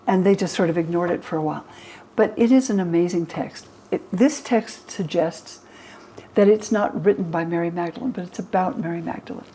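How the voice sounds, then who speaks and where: A woman in her eighties from the United States, a historian of religion, tells stories animatedly in a documentary interview, acting out the quotes. Her voice is lowish and brisk. The recording is low quality, with slight background noise.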